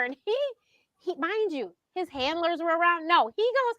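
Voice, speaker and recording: A high-pitched woman with a bright, forceful voice, chatting in a casual, storytelling way. She is lively and laughs often, and she jumps into a higher voice when she acts out what other people said. The sound is dry and close. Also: moderate pace, no room sound. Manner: animated, acts out quotes in a higher voice; laughs often mid-sentence. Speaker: show host being interviewed.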